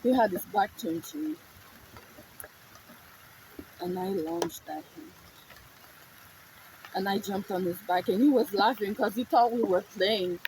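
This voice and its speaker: A woman's voice: mid-range voice, a little slow, long pauses, background noise. A woman telling a personal story in a raw, emotional, profane way.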